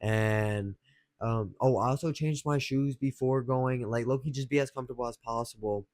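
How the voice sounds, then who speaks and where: A man's voice: medium pitch, normal speed, a little mellow. A young man with a mid-range voice tells a rambling story in a loose, slangy way, swearing freely and chuckling often. His voice sounds close and dry, with no room echo. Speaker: dating advice vlogger. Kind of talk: casual storytelling.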